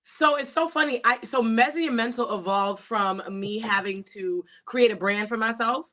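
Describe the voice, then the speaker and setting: A woman comedian from New York, a guest chatting in a casual interview, playful and quick to laugh. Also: a little high, pushed and bright.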